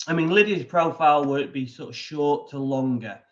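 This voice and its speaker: A man working as a putting coach answers interview questions in a measured, explanatory way, often pausing on "um" and restarting phrases. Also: fairly high pitch, dull audio.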